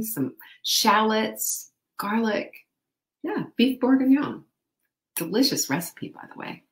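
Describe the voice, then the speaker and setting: Hosting a live online stream, a woman delivers cheerful motivational coaching and calls out to viewers by name. Her voice is mid-range, and the room sounds spacious.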